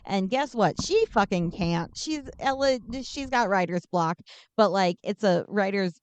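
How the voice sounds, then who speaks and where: A woman's voice: mid-range voice, measured pace, smooth, dry recording. A woman podcast co-host recapping a movie plot in a casual, joking, sarcastic way. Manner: joking, sarcastic, animated storytelling.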